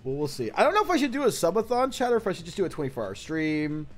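A man streams live and chats with his viewers, excitable and quick to swear and laugh. His pitch runs a little high and swings widely as he talks. Faint music plays behind him. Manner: excitable, profane, laughs a lot. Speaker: livestreamer. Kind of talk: casual stream chat.

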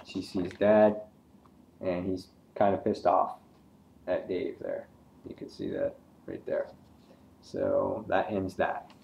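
A man's voice: low-pitched, vocal fry, dark tone, slight background noise. A man giving a casual, hesitant comic book review, talking through pages with many ums and uhs.

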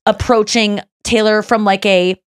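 A woman's voice: mid-range voice, fairly even intonation, unhurried, clean tone, no echo, studio quality. A woman hosting a podcast in casual chat, gushing and chatty with lots of fillers and restarts. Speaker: podcast host.

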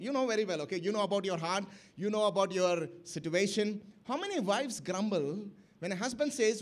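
A man's voice: high-pitched, fairly quick. A man preaching a sermon at a church camp, emphatic and often asking the congregation questions. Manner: emphatic, with rising and falling bursts of loudness.

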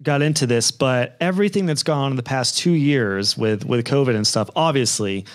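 Man, podcast host, casual interview talk, rambling with restarts, mid-pitched voice. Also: brisk. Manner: rambling, thinks aloud with restarts.

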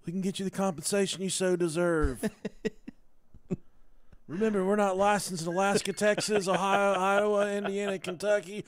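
A man voicing a sleazy male injury-lawyer pitchman in a mock TV commercial, with rapid, salesy ad patter. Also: steady tone, no room sound, natural voice.

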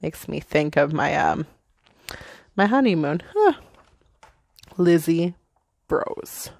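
Young woman reading a kids book out loud, chatty and playful, slow, kinda low, dry close sound. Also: sing-song, creaky, no echo. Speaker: reader. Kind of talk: reading a picture book aloud.

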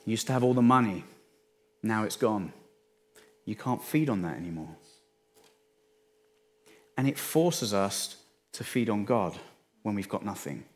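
A man's voice: on the low side, lively intonation, unhurried, pauses often. English man preaching conversationally. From England. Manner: conversational, restarts phrases, dips quiet for emphasis. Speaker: pastor. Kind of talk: sermon.

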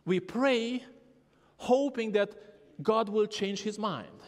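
In a church sanctuary with long reverb, a pastor preaches a sermon in a high, slow voice. He tells a story animatedly, acting out the voices of a child and the child's mother.

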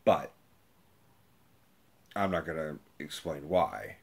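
Young male reviewer, deep and husky, loose profane ranting delivery. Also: slow. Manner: profane, rambling, animated. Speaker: movie reviewer. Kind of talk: casual rant.

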